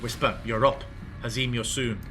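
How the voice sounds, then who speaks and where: Bright-voiced man running a tabletop game. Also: mid-range voice, normal speed, slight background noise. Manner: relaxed, swears casually while narrating. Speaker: game master.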